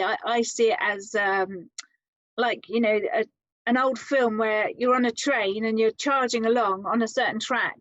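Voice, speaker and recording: A woman guest telling her story in an interview, lively and quoting others in acted voices. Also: fairly high pitch, no room sound. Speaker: interview guest, adventure psychologist. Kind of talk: conversational storytelling. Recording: slightly muffled, dry sound.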